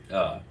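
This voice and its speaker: A young man co-hosting a live stream, chatting casually and jokingly, reading chat, with rambling restarts. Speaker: streamer co-host. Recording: slightly distant mic with faint noise.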